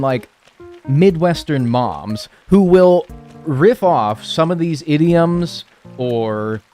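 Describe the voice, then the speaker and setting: Animated, swearing young male streamer. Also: fairly high pitch. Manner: animated, swears freely, rambling. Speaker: video game streamer. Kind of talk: casual stream chat while playing.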